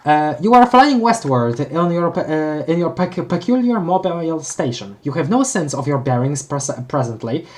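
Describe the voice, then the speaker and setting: Stumbling, excitable webcomic live-reader. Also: medium pitch, moderate pace, few pauses. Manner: reads aloud with frequent stumbles and restarts; emotional, gasping reactions. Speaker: streamer reading a webcomic aloud. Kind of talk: live read-along with reactions.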